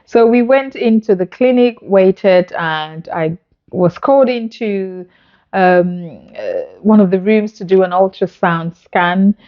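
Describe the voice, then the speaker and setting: A woman speaks straight to camera in a mid-pitched voice, telling her own story earnestly and with feeling. The sound is a little dull, as from a phone recording. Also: slow pace. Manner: earnest, emotional retelling with acted-out dialogue. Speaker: vlogger.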